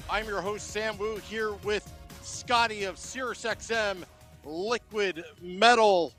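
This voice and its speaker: A man's voice: high-pitched, takes it slowly, pushed and bright, faint music behind. A male podcast host opening a casual sports chat show in a formal announcer style.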